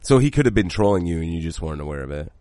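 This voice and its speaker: A man co-hosting a podcast talks in an animated, casual way and swears freely. His voice sits a little low, and the recording is dry and close. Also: very fast, no echo. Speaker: podcast co-host. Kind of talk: casual chat.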